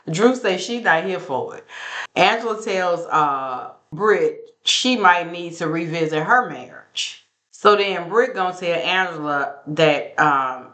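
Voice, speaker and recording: Woman host, fairly low voice, gossipy recap delivery, animated quoted lines. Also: a little slow. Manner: chatty, sassy, says "baby" and "girl" a lot; acts out quotes with sudden high pitch jumps. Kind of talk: casual reality TV recap.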